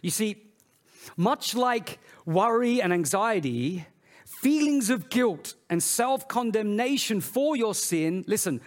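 A man preaching a sermon in an animated way, swinging between loud, emphatic phrases and quiet, low asides. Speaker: pastor.

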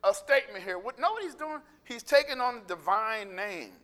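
High, bright-voiced excitable preacher man. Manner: excitable, animated, with quick restarts and laughter. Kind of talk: sermon. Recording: echoey hall with long reverb.

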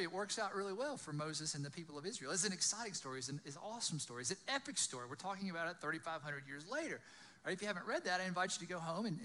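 A man's voice: high voice, pushed and bright, a little hiss or hum. A man preaching a sermon, retelling a scripture story and acting out its voices, often asking "right?". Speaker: pastor.

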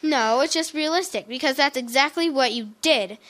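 A woman's voice: high-pitched, normal speed, a bit bright. A woman reading the part of an annoyed, bookish teenage girl twin in a story. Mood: angry.

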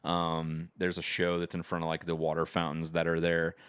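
Low-voiced guy rambling on a podcast, lots of ums and likes. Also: completely flat delivery, normal speed, a bit bright, smooth, no echo. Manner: rambling, filler-heavy storytelling. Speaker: podcast co-host. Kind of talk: casual chat. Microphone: microphone.

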